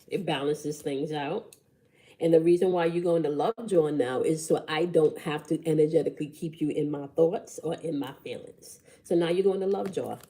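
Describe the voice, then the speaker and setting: A woman tarot reader speaks to her live-stream viewers in a mellow, warm voice. She is blunt and preachy, swears casually and keeps checking in with "okay?" and "right?". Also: on the low side.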